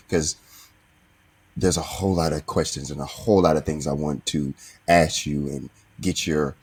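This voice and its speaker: A man hosting a recovery podcast, talking in an earnest, heartfelt way. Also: darkish tone. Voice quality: very deep, husky. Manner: earnest, heartfelt, many restarts. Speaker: podcast host.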